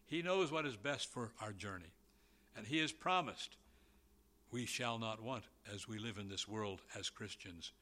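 A man preaching a sermon, slow and emphatic, with a volume that swells and drops. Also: fairly low pitch, sharp tone.

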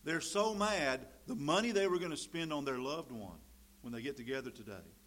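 A man's voice: a little high, lively intonation, normal speed. Preaching man with a folksy style. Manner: rises to loud emphatic preaching, drops to quiet asides; folksy, conversational storytelling between scripture readings. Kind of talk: sermon.

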